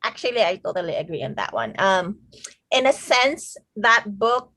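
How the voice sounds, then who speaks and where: A woman's voice: medium pitch, sing-song, normal speed, bright, forceful tone, no room sound. A woman taking part in a casual group discussion, speaking hesitantly and searching for her words. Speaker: discussion participant.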